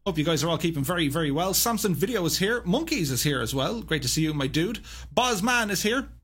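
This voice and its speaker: A man's voice: on the high side, lively intonation, brisk, a bit bright, slightly rough. A man hosting a live stream, reading out chat greetings in an upbeat, chummy way and chuckling often.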